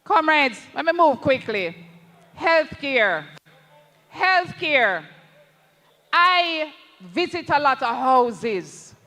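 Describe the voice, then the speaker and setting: Impassioned Jamaican rally speaker, high voice, long echo. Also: very animated, drawn-out words, long pauses, bright, forceful tone. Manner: impassioned, addresses the crowd as comrades, slips into patois. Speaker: political candidate at a rally. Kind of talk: campaign rally speech. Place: political campaign rally.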